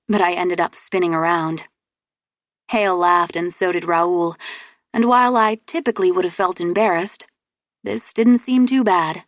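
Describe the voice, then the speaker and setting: A woman narrating a first-person audiobook in a lively, youthful manner. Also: on the low side, no room sound, studio quality.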